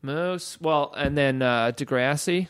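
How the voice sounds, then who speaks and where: A man's voice: fairly high pitch, takes it slowly, fairly bright tone, clear, resonant tone. A man from Canada, a guest comedian, riffing goofily in casual chat. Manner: goofy, riffing, laughing often.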